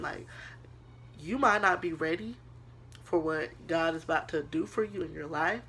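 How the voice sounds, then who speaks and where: A young woman talks straight to her viewers like a big sister, earnest and a little preachy, calling them girl and honey. Her voice is bright with a gravelly edge. Faint noise hums behind her. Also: fairly low pitch. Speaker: vlogger. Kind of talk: casual motivational talk to camera.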